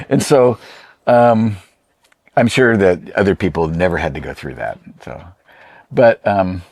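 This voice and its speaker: A man's voice: fairly low pitch, expressive, slow pace, darkish tone, breathy edge, no room sound. A man, an artist being interviewed, talking casually in a rambling, hesitant way with many fillers and restarts. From Oregon, USA. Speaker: artist and painter.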